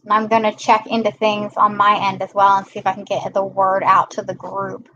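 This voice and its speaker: A woman's voice: mid-range voice, completely flat delivery, brisk, pushed and bright, highs cut off, slight background noise. A woman hosting a casual live stream, chatting and greeting viewers by name. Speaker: live-stream host filling in.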